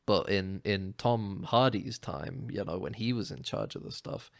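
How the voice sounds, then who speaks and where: Gravelly-voiced man rambling casually. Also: low-pitched, lively intonation, measured pace. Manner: rambling, restarts and laughs a lot. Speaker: podcast co-host. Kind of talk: casual chat.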